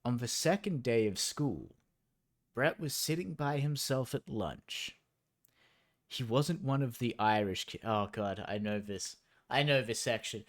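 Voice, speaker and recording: Slow-talking, swearing male streamer. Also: medium pitch, lively intonation. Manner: incredulous, profane, sarcastic asides. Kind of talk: reading a story aloud on stream with commentary.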